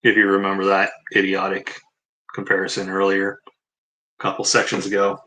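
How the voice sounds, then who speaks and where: This man's deep voice is completely flat and sharp in tone, moving at a normal speed on a low-quality recording. He reads passages from a book and mocks them in sarcastic, meandering asides, keeping the commentary casual.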